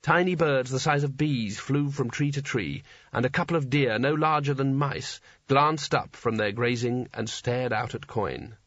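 A man giving a scripted story narration in a dry, wry, measured way. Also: mid-range voice, fairly bright tone, no room sound. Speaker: audiobook narrator. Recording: dull lo-fi dry recording.

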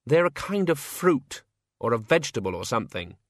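A man voicing a sharp, no-nonsense young woman who talks bluntly and wearily. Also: mid-range voice, sing-song, no echo, clean studio sound. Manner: brisk, weary and blunt.

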